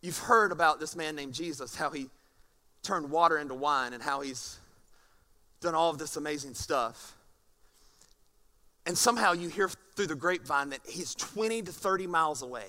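A pastor preaching a sermon to a congregation, animated and acting out scenes, moving from soft tones to loud passages. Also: male voice, fairly high pitch, moderate pace. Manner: animated, swings from soft to shouting. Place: church stage before a congregation.

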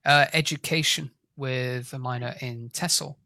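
A man in his thirties from England with a softened Yorkshire accent, an English teacher answering interview questions in a relaxed, rambling way over a video call. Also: mid-range voice, unhurried, gravelly, dry recording. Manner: relaxed, rambling, many fillers.

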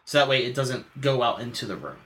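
A man's voice: medium pitch, big pitch swings, fairly quick, a bit bright, slight background noise. Politely formal male role-player. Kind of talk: in-character tabletop role-play.

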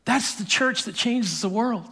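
High-voiced guy preaching, telling a story and doing the quotes with little chuckles. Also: a little slow, pushed and bright. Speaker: pastor. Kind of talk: sermon.

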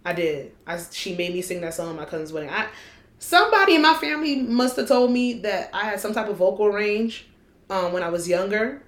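A woman co-hosting a casual chat, blunt and profane, her stories told with animated energy. Her voice sits at a middle pitch and rings in a roomy space. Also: a little fast. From United States. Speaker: podcast co-host.

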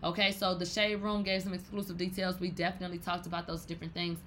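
Woman, podcast host, bright and forceful tone, loose profane commentary with sudden loud outbursts. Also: on the low side, quick pace, slight background noise. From Texas. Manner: animated, profane, bursts into loud exclamations. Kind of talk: casual commentary.

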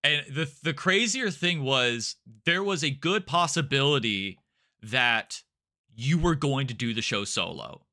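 A man's voice: medium pitch, animated, measured pace, bright, forceful tone. A man co-hosting a podcast in casual chat, explaining plans at length with plenty of fillers. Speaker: podcast co-host.

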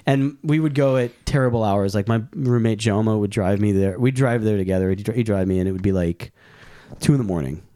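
A man's voice: fairly low pitch, brisk, dark tone. A man hosting a podcast in casual chat, telling rambling, self-mocking stories in a laid-back way. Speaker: podcast host.

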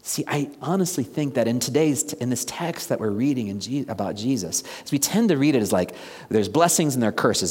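Animated preacher in an echoing hall. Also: male voice, medium pitch. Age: about 50. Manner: animated, asks the congregation questions, drops to a hushed near-whisper for emphasis. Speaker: pastor. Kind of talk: conversational sermon. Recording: long reverb of a large hall.

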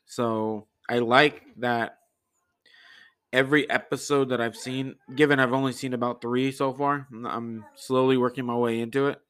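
A man's voice: medium pitch, fairly even intonation, normal speed, a bit bright, smooth. A man hosting his own podcast, chatting loosely and rambling a bit, with many fillers and restarts. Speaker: podcast host. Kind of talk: casual solo podcast chat.

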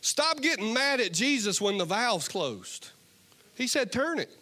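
A pastor's voice sits high and swings widely in pitch, moving a little slowly as he preaches from a church stage. Soft guitar worship music plays in the background while he alternates fervent appeals with joking storytelling.

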